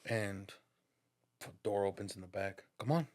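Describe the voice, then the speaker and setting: A man's voice: fairly low pitch, normal speed, darkish tone. A man on a podcast as the guest, telling a story in a casual, profane, slang-heavy way and laughing through it. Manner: profane, slang-heavy, addresses listener as "dog"; laughs through his stories.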